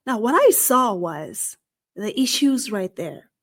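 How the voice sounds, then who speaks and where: A woman with a non-native English accent hosts a podcast monologue. Her voice sits fairly high, and she talks at an unhurried, deliberate pace. Her tone stays wry and sarcastic throughout. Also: big pitch swings. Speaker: podcast host and career strategist.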